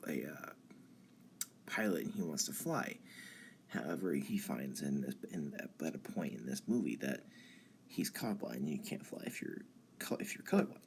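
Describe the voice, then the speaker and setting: A young man with an extremely low voice and a gravelly fry, talking casually and haltingly as a stream host. He fills his pauses with ums and starts his sentences over and over. A faint hiss sits under the voice. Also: lively intonation. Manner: halting, many ums and restarts. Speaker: channel host. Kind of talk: casual philosophy talk on a live stream.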